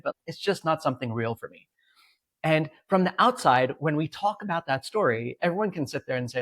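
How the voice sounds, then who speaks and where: A man's voice: on the high side, brisk, no echo. A man co-hosting a podcast as a coach, telling stories and acting out the people in them. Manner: animated storyteller, acts out dialogue with a lifted voice. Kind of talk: casual podcast conversation.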